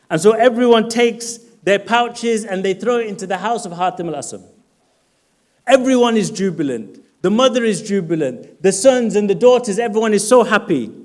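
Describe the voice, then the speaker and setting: High-voiced man telling a sermon story. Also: darkish tone. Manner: storytelling, quotes Arabic phrases fluently. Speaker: preacher. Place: lecture hall.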